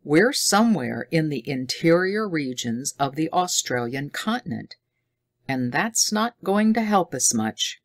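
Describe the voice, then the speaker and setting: A woman reading an audiobook voices a calm, protective young adventurer, firm and reassuring. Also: low-pitched, unhurried, heavily acted. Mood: knowing.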